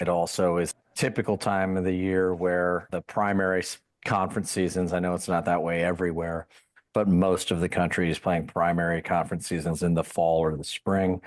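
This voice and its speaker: A man, a league's CEO, explaining things in a relaxed podcast chat with dry humor. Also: low-pitched.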